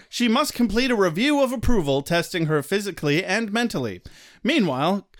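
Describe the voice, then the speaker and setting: A man co-hosting a podcast, joking and swearing playfully while reading supporter names and recapping an episode. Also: sits high. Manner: playful, profane and animated. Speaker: podcast co-host. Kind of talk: casual comedic chat and episode recap.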